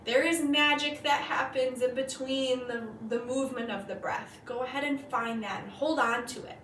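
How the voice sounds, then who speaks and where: A woman teaching a yoga flow, calmly cueing each breath and pose. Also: sits high, slight background noise. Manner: slow, calm cueing of breath and poses. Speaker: yoga instructor. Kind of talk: guided yoga class. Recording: echoey room from far off.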